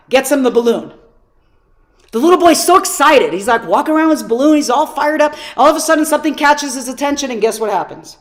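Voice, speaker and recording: Brief: woman coach, higher voice, lively storyteller teaching online. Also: brisk. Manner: animated storytelling, rhetorical questions. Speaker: personal development coach.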